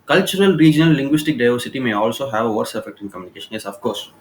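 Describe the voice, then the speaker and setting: Racing through a recorded slide lecture on communication skills, a man from India explains things informally and keeps checking "okay?" between points. He has a medium pitch with lively intonation. The laptop audio is poor, with a little hiss or hum.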